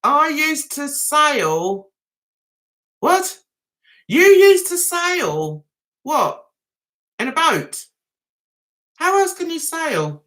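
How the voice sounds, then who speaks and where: A woman's voice: high-pitched, big pitch swings, very slow, pauses often, fairly bright tone. A woman with a London accent hosting a casual livestream, rambling and chatty with viewers, laughing and singing snatches of songs. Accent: London English. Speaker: livestream host.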